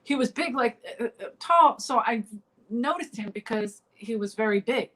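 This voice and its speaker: A woman's voice: fairly high pitch, lively intonation, normal speed, pushed and bright, rough recording. A woman comedian in a casual interview, telling stories full of fillers and restarts over a remote call. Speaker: comedian guest.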